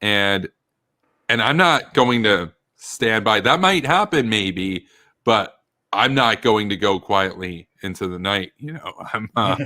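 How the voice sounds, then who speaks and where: Ranting man with a bright, dry voice. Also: fairly low pitch, lively intonation, takes it slowly, dry recording. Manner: heated, ranting, swears freely. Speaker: political commentary host. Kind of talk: casual political commentary chat.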